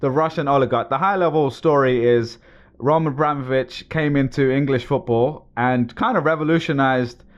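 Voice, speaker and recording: Chatty laughing man, dull sound. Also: mid-range voice. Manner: laughs often, explains in long loose sentences. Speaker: podcast co-host. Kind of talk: casual chat.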